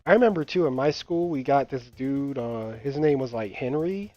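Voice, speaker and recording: This young man has a mellow, mid-range, expressive voice at a normal speed. Hosting a gaming channel, he chats casually as he plays, rambling, filler-heavy and profane, laughing as he tells stories, with game music behind a dull, dry lo-fi mic.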